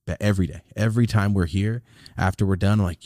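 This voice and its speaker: A young man with a low voice talks fast while co-hosting a podcast, casually telling stories about beating a sinus infection. Animated and swearing a lot, he acts out quotes from others. The recording is studio quality with no room sound.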